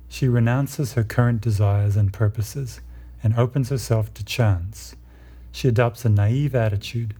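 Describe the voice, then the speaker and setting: A man with a very dark, mellow and somewhat husky voice, speaking in a low register. He lectures in a measured, explanatory way, walking listeners through ideas step by step. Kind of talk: lecture on myth and psychology.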